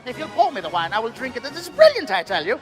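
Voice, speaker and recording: A man's voice: extremely high pitch, wildly swooping pitch, quick pace, faint music behind, voice pushed up, full character voice. Posh fussy Englishman, put on by a male comic, put-on English accent, stiff and prim. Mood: pleased. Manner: stiff, proper, mock-refined. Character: prim posh English man, overly proper.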